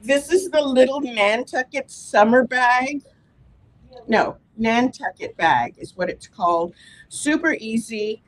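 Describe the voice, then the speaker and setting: A woman's voice: on the high side, animated, slow, no room sound, rough recording. A woman hosting a live fabric store product demo, chatty and gushing.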